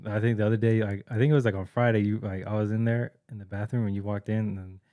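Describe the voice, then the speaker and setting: A young man co-hosting a podcast, slangy and animated, acting out people in his stories. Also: lowish voice, quick pace. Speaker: podcast co-host. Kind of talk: casual chat.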